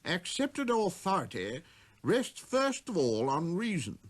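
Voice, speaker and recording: A man's voice: high voice, wildly swooping pitch, slow, voice pushed up, full character voice. A man voicing a pompous, blustering old king who stammers, splutters and chuckles as he gives commands. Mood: lecturing. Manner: grand, commanding delivery.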